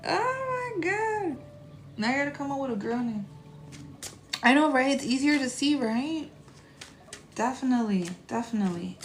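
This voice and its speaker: A woman in her thirties chatting casually on a live stream as a spiritual reader, animated and profane, with laughing asides. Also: on the high side, moderate pace, long pauses, a little hiss or hum.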